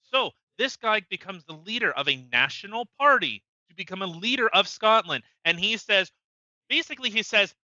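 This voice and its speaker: A man's voice: high voice, animated, normal speed, bright, forceful tone, dry recording, highs cut off. A man co-hosting a casual podcast, crude and joking, laughing often. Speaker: podcast co-host.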